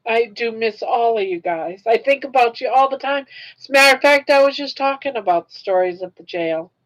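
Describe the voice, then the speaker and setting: A woman's voice: on the high side, lively intonation, brisk, lo-fi sound. An older woman hosting her own live stream, chatting casually and reacting aloud to viewer comments. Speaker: livestream host.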